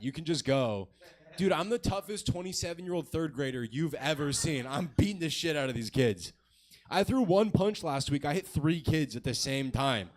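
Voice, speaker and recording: A man in his twenties doing a crude, self-mocking stand-up set on a comedy club stage. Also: on the high side. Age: 20s.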